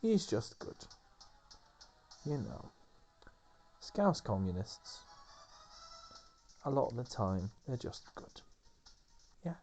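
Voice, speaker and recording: A man's voice: medium pitch, very animated, takes it slowly, long pauses, a little mellow, soft background music. A man rambling casually over gameplay as a let's play host, with lots of fillers and restarts. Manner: rambling, filler-heavy chatter.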